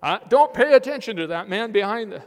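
A man putting on the voice of a pompous, booming wizard. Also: expressive, unhurried, fairly bright tone. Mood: flustered. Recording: echoey hall reverb.

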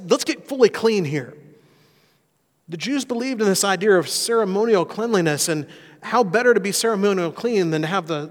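A pastor preaching a sermon, telling a personal story in an earnest, conversational way. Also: male voice, a little high. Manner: earnest storytelling, rising intensity on key points. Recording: long hall reverb.

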